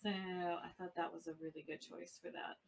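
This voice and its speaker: On poor audio, this podcast co-host, a woman in her forties, muses her way through a casual movie review. She speaks at a moderate pace in a low, level voice with some vocal fry.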